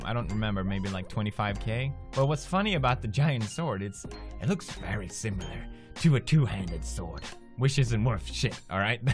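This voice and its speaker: Profane, animated young man telling stories. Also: mid-range voice. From Sweden. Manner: profane, animated, laughs often, acts out quoted reactions. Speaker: video blogger. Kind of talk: casual storytelling monologue.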